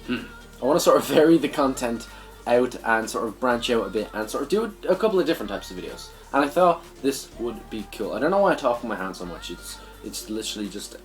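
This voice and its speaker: Young Irish male host, mid-pitched, loose rambling delivery with casual swearing, faint music underneath. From Ireland. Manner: rambling, peppered with "sort of", swears freely. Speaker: gaming channel host. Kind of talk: casual vlog chat.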